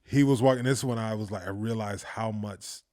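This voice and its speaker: Man, low voice, casual interview, animated anecdotes, laughs a lot. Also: a little fast. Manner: animated storyteller, acts out quoted voices, laughs often. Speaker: filmmaker guest.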